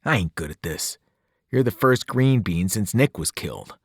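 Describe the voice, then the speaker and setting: A man voicing a blunt, gruff teenage boy leader who talks in rough slang. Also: fairly low pitch, animated, normal speed, no room sound, clean studio sound. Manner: slangy, dropping words, rough.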